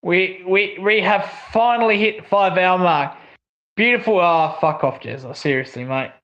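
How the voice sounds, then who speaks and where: A young man with an Australian accent talks loosely on a long livestream, cursing freely as he rants. His voice sits fairly high for a man. The sound is a little muffled and lo-fi. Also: normal speed, fairly bright tone. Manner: swears a lot, rants. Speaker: livestream co-host. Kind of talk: casual stream chat.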